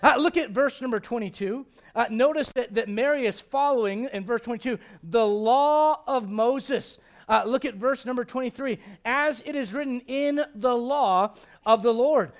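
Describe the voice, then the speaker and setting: A middle-aged male pastor preaching a sermon in a church, animated and joking, swinging from loud to hushed. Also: extremely high pitch, normal speed.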